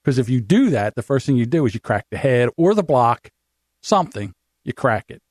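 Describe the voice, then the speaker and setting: Animated middle-aged man telling stories. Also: mid-range voice, brisk, dry recording, studio quality. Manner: animated storyteller, swears freely. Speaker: podcast co-host. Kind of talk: casual chat.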